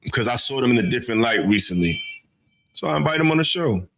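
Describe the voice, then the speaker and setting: Male host, casual commentary, blunt and slangy, animated pitch. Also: fast, gravelly, poor audio. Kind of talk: casual commentary over a replayed clip.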